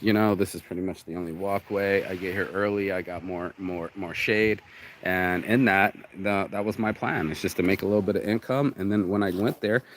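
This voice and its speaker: A man's voice: mid-range voice, darkish tone, slight background noise, low-quality recording. Laid-back rambling man vlogging outdoors. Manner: laid-back, rambling, peppered with "bro" and "you know". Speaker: vlog host. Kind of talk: casual rambling chat. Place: outdoors by a beach.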